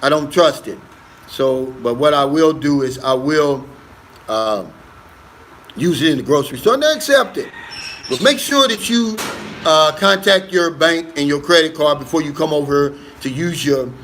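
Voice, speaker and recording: A man's voice: fairly high pitch, moderate pace, a bit bright. A man hosting a casual livestream on his phone, reading viewer comments aloud and answering them in an earnest, easygoing way. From United States. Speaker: livestream host.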